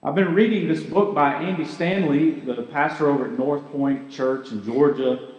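A man's voice: on the high side, normal speed, a little mellow, muffled recording. Man preaching in an echoey hall. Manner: earnest, conversational preaching with rhetorical questions. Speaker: pastor. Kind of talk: sermon.

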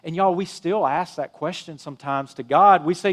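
A middle-aged man with a notably high voice delivers a sermon. He keeps it conversational, full of "you know" asides. His emphasis rises on key phrases and falls to near-hushed endings. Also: moderate pace. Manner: conversational preaching, rising and dropping emphasis, frequent "you know". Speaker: pastor.

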